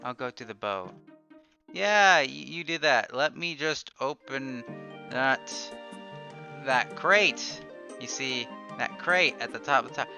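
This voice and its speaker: A man commenting over his gameplay, swinging into loud sarcastic outbursts and stammering restarts. He talks at an unhurried pace. Game music plays clearly behind him. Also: medium pitch. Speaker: let's play gamer. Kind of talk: let's play commentary.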